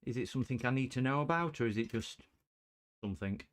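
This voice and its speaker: Speaking fast in a mid-range voice, a man chats casually with his audience as he repairs electronics live on stream. He jokes with chat viewers and keeps the puns coming.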